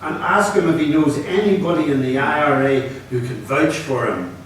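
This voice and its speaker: A man's voice: a little high, normal speed, a bit bright, a little hiss or hum, voice pushed up, lightly acted. A man voicing an impatient getaway driver with a curt manner. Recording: echoey hall, from far off.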